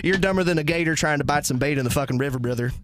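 A man's voice: a little high, very fast, very noisy, lightly acted. A man voicing a crude, folksy southern uncle with a put-on Southern accent and a drawling, cussing manner. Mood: advising. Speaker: podcast co-host.

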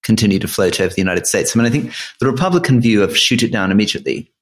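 A middle-aged man co-hosting a political podcast, reasoning through ideas in a measured, analytical way. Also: fairly low pitch, animated. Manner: measured, analytical, thinking aloud. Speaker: podcast co-host. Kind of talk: casual political chat.

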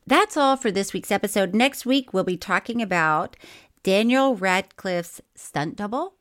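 A woman's voice: medium pitch, expressive, measured pace, a bit bright. A woman co-hosting a chatty podcast, laughing often and reading listener mail aloud with quirky emphasis on odd words. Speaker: podcast co-host. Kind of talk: casual podcast chat.

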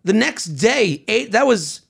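Animated, gravelly thirty-something man chatting. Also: high voice, slow. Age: 30s. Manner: animated storyteller, swears freely, acts out quoted dialogue. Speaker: podcast co-host. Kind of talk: casual chat.

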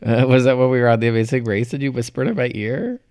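A man's voice: mid-range voice, animated, fast, darkish tone, clear, resonant tone, dry recording, clean studio sound. A man co-hosting a podcast in casual gossip chat, playful and teasing. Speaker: podcast co-host.

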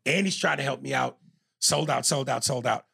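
A man from New York telling a long, profane story on a podcast, animated and acting out quotes. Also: medium pitch, normal speed, gravelly, slightly rough, no room sound. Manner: animated, swears freely, acts out quotes. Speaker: podcast co-host.

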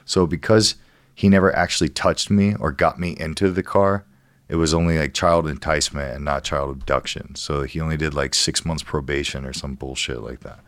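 A man's voice: extremely low pitch, steady tone, normal speed, dry recording. A man in his thirties, a guest on a podcast, telling a story in casual, profane talk and acting out the quotes. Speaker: guest, professional fighter.

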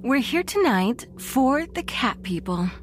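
A man voicing a high-pitched witch cult leader. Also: very animated, slow pace, a bit bright, slight background noise, exaggerated voice. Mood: solemn. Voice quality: high falsetto. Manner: solemn, ceremonial address.

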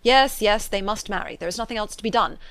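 A woman's voice: medium pitch, fast, a bit bright, no echo, close to an everyday voice. A woman reading a classic novel aloud, voicing a weary, sardonic older father in a dry, plain delivery.

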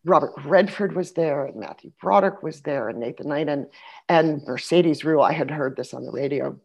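A middle-aged woman telling stories in a casual conversation, animated, acting out the people she quotes and dropping into soft asides. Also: sits low, moderate pace, creaky. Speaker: podcast guest, actress.

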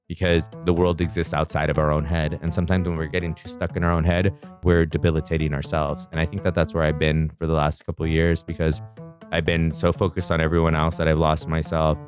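A man earnestly recounting a personal story in an interview, reflective and quick-flowing. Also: extremely low pitch, little pitch movement, soft background music.

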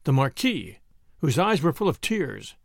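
A man reading a story aloud with measured, expressive narration. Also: on the high side, gravelly, no echo, studio quality.

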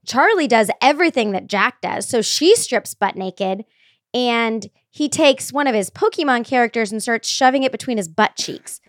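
A woman in her thirties hosting a podcast, telling candid stories in a lively, chatty way with lots of fillers. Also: a little high, normal speed, dry recording, clean studio sound. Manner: candid, animated storyteller with frequent fillers. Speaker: podcast host. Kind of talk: casual podcast chat.

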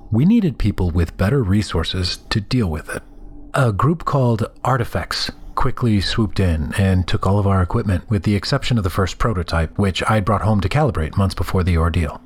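A man narrating a first-person horror story in a measured, somber way, sometimes dropping to a hushed whisper. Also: on the low side, animated, slightly rough.

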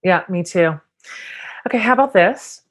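Chatty woman podcast host, lowish voice. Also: animated, moderate pace. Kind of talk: casual interview.

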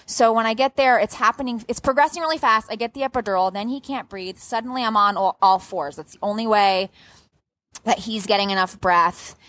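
A young adult woman telling her birth story in a casual, lively way, acting out what she said back then. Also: on the high side, fairly quick, no room sound. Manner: lively storyteller who acts out her own past outbursts.

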